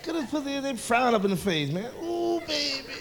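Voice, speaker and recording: A man's voice: very high voice, big pitch swings, quick pace. A male stand-up comedian in a live routine, drawling teasing questions at the crowd, with audience noise behind.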